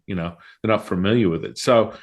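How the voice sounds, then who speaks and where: A middle-aged man telling a story in a casual interview, animated and profane, acting out his own side of the dialogue. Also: lowish voice, fairly quick. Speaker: guest, Taoist priest.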